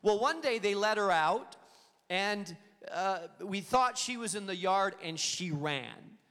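A man preaching a sermon to an auditorium, telling a story and acting out the quoted lines with lively energy. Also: sits high, slow, clear, resonant tone. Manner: storytelling, animated, acts out quotes. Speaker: pastor. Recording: long reverb of a hall.

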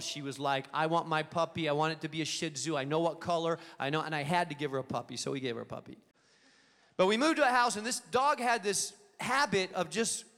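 A man preaching a sermon to an auditorium, telling a story and acting out the quoted lines with lively energy. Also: a little high. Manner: storytelling, animated, acts out quotes. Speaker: pastor. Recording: long reverb of a hall.

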